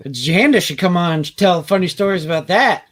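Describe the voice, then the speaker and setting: A man's voice: sits high, animated, normal speed, fairly bright tone. A man co-hosting a podcast, telling rambling stories in casual chat and laughing along with them. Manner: rambling, laughs through his own stories. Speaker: podcast co-host.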